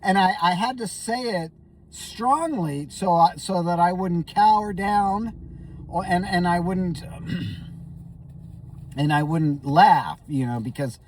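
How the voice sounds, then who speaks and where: A shaken man telling a comic story in a rambling, stammering way, often coughing and clearing his throat. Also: high-pitched, takes it slowly, distant mic, slight background noise. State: shaky and rattled. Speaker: comedic vlogger.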